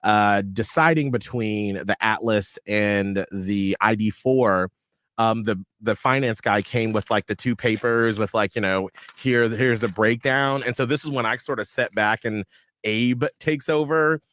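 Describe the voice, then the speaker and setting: A man's voice: fairly low pitch, fairly bright tone, no echo. A man co-hosting a radio show, chatting casually and recounting a story. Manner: reactive, quick interjections and laughs. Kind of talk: casual chat.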